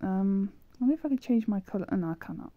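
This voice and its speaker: A woman's voice: medium pitch, expressive, fast, no room sound, narrow, tinny audio. A woman giving rambling, self-deprecating commentary while playing a language-learning game, often hesitating and trailing off. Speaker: gameplay video creator. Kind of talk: casual gameplay commentary.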